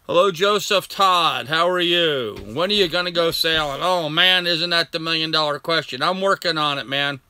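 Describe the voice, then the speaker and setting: A man's voice: a little high, normal speed, few pauses, sharp tone, smooth, no echo. An older man hosting a casual live stream from home, greeting his viewers one by one by name. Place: at home with a dog nearby. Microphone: laptop.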